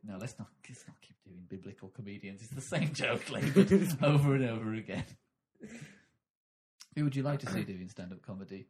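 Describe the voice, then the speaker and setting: A man's voice: animated, brisk, a little mellow. A man hosting a comic podcast, rambling and slipping into mock stand-up bits. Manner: rambling, doing mock stand-up routines in a high put-on voice. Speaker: podcast host. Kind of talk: comic improvised podcast chat.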